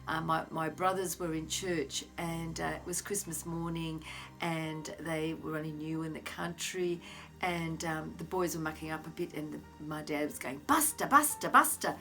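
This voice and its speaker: A woman's voice: low-pitched, normal speed, soft background music. An older woman, telling a family anecdote casually and acting out the people in it. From Australia. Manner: animated anecdote with acted-out quotes. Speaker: interviewee sharing memories. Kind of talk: casual storytelling.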